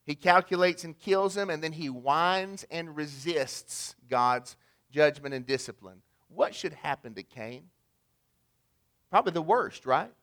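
A man's voice: on the high side, animated, measured pace, a bit bright. A man preaching a sermon in a conversational way, asking the congregation rhetorical questions. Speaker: pastor.

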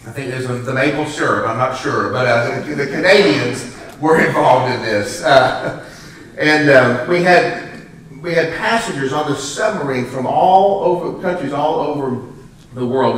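In an echoey church sanctuary, a man whose voice is a little high and fairly bright preaches a sermon. He keeps it conversational and asks the congregation questions, and the microphone sits at a distance.

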